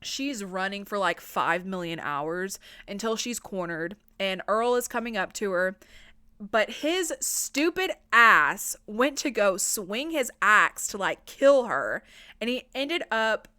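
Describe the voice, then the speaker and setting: A woman's voice: mid-range voice, lively intonation, slow, sharp tone, smooth, no room sound. A woman podcast host giving a casual, profane film recap, peppered with filler words. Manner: chatty, profane, lots of "like" fillers.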